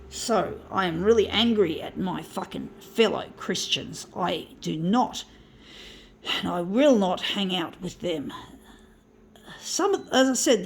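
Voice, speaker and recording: A vlogger delivers an angry ranting monologue to camera, swearing and repeatedly addressing her viewers as "folks." Her medium-pitched voice is a bit bright, with a little hiss or hum in the audio.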